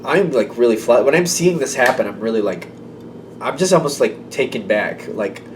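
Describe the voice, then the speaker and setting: A man's voice: medium pitch, animated, normal speed, far from the mic, a little hiss or hum. Rambling man giving a tarot reading. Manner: rambling and intuitive, full of "like" and "um". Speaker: tarot reader. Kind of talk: casual tarot reading to camera.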